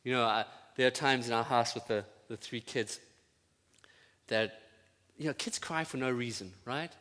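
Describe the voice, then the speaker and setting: A pastor preaching a sermon to his congregation, building to loud fervent peaks and then dropping to quiet, tender prayer. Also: medium pitch, moderate pace. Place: church. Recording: church sound with long reverb.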